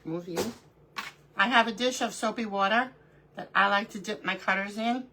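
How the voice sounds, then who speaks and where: With a medium-pitched voice that sounds pushed and bright, a middle-aged woman hosts a crafting livestream at a moderate pace. There's a little hiss or hum in the audio as she chats, greets viewers by name, and talks to herself while she works.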